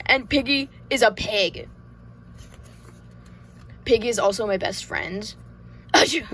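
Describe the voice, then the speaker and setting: A woman's voice: mid-range voice, a bit bright, a little hiss or hum, poor audio. A woman voicing a worried, anxious male elephant in a storybook read-aloud, talking in a fretful, dramatic way. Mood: gloomy.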